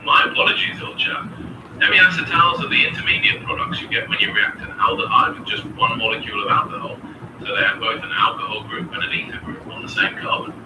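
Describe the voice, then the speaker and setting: Polite male AI tutor, formal and apologetic, lively pitch, distant and noisy. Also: quick pace, echoey room. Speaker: AI chemistry tutor. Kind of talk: quizzing a student.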